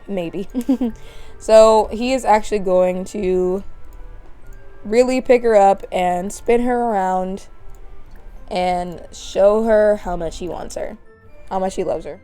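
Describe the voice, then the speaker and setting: A woman's voice: medium pitch, slow pace, pauses often, mellow, clean tone. A young woman hosting a gaming channel, chatting through a let's play with frequent giggles and asides. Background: faint background music.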